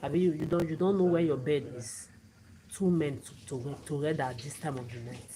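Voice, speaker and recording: A woman rants angrily on a livestream, swearing and repeating herself. Her voice sits low. A steady background noise is clearly heard under her. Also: normal speed, rough recording. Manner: profane, repetitive, confrontational. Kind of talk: angry livestream rant.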